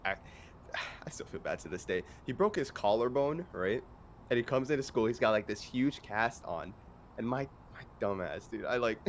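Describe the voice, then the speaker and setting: A man's voice: on the low side, slight background noise. A man casting an esports match in a casual, laid-back way, laughing often and calling people bro and dude. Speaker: esports caster. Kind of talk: casual play-by-play commentary.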